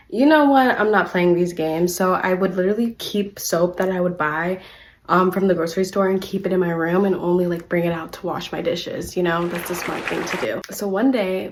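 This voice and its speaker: Chatty young woman telling a storytime. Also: a little hiss or hum. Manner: chatty, animated, heavy use of "like", swears freely; swings between loud ranting and low, quiet asides. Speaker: storytime vlogger. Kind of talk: casual storytime vlog.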